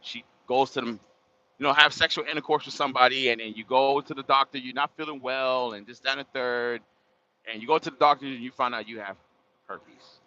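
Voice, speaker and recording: A man's voice: mid-range voice, fairly quick, sharp tone. A man telling a story to his livestream chat in a casual, slangy way, often laughing and exclaiming. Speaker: livestream host. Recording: dull lo-fi sound.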